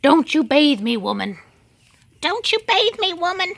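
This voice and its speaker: A woman's voice: sits high, sing-song, a little slow, creaky, fairly bright tone, no echo, voice pushed up, exaggerated voice. A woman voicing her dogs as they indignantly refuse a bath, in a defiant, scolding way.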